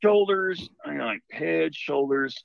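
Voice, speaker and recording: A man calling in to tell a story in a casual, animated, rambling way. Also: on the high side, unhurried, vocal fry, no echo, muffled recording. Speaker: caller telling a ghost story.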